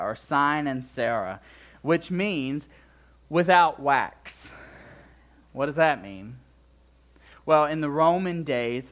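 Slow emphatic young male preacher. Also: mid-range voice. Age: young adult. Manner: emphatic, swinging between loud declarations and quiet asides. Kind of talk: sermon.

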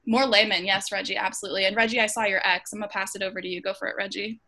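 Woman running a bible study on a video call, bright clear voice, earnest, lots of ums. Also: mid-range voice, flat delivery, racing. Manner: earnest, frequent ums and self-restarts. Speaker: host of an online Bible study. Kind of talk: casual group discussion.

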